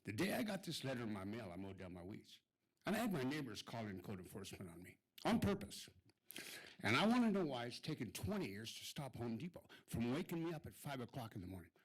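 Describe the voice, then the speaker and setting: A man's voice: mid-range voice, sing-song, quick pace, husky, poor audio. An irate man giving a blunt, swearing public comment at a city council meeting.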